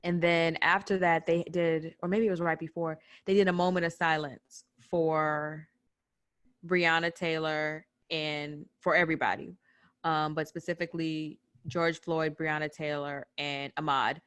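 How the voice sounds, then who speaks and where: A young adult woman from the United States, telling a personal story on a podcast in an animated way, acting out what people said. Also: low voice, unhurried, smooth, no echo. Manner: animated retelling with quoted voices. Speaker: podcast guest recounting a protest. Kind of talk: personal storytelling in casual chat.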